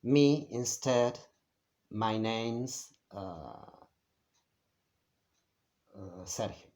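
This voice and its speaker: The speaker is a patient Spanish teacher leading a beginner whiteboard lesson, his medium-pitched voice lively in intonation. He goes slowly, pausing often and using fillers, in a roomy, echoing space, with a little hiss or hum on the recording.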